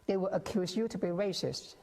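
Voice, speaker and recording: A man's voice: high-pitched, brisk, a little mellow. Lecturing male guest with long reverb. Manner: lecturing, with many restarts and acted-out quotes. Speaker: interview guest, scholar. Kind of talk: explanatory interview talk. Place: TV interview set.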